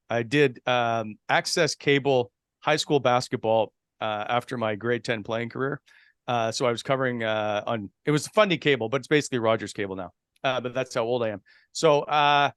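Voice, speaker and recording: Relaxed broadcaster from New Brunswick. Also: male voice, mid-range voice, smooth, no room sound, clean studio sound. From Canada, New Brunswick. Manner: relaxed, conversational storyteller. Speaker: podcast guest, broadcaster. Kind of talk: casual chat.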